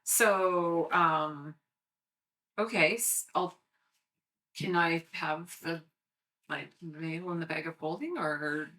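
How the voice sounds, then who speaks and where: A woman's voice: deep voice, slow, pauses often, bright, forceful tone. A woman playing in a tabletop role-playing game, talking in a playful, rambling way. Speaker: player. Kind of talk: casual tabletop role-play.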